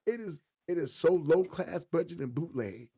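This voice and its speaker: In a fairly high, creaky and slightly rough voice at a moderate pace, another podcast co-host tells jokey stories energetically during a casual chat. He comes across as lively and playful.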